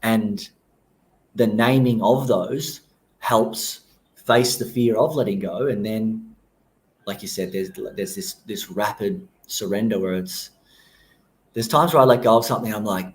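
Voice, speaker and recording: A man explaining his approach calmly and thoughtfully as a guest on a podcast interview. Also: on the low side, measured pace.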